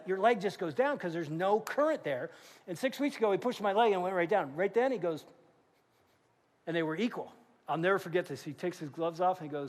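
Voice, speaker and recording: A middle-aged man preaches in a large church, his voice sitting high for a man and carrying a long reverb through the hall. He tells stories with energy, acting out the lines of the people in them. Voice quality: animated storyteller, acts out quotes. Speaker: pastor. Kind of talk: sermon.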